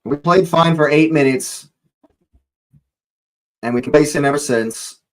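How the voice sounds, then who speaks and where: A man's voice: fairly high pitch, a little slow, rough recording. A man hosting a live football watch-along, reacting with exasperated, swearing outbursts.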